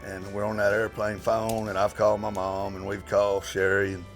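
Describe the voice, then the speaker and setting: A man's voice: on the low side, completely flat delivery, moderate pace, soft background music. A man, a fellow roper telling rambling, folksy anecdotes in a casual interview.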